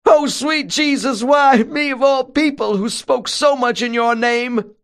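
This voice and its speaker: A man voicing a terrified fiery preacher from the 1920s who cries out in a shrill, panicked voice. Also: animated, unhurried, fairly bright tone. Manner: panicked, crying out.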